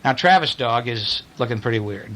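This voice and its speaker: A man reads bedtime picture books to a child while lying in bed. His bright voice rises and falls in a lively way. He keeps stopping to chat about the drawings. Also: mid-range voice, rough recording. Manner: playful, chatty, pauses to point at pictures. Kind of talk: bedtime story reading. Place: in bed at home.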